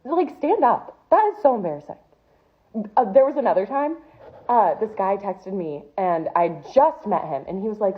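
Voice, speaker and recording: A woman's voice: medium pitch, lively intonation, moderate pace. A young woman telling comedic dating stories in an exasperated, incredulous rant. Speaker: comedic storyteller. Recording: tinny phone-like sound.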